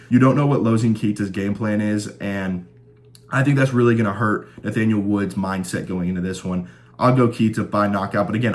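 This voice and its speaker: A man hosting a casual fight-predictions show, talking enthusiastically and rattling off stats as he makes his picks. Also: on the low side. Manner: chatty, stat-heavy, enthusiastic. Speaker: host of a fight-predictions channel.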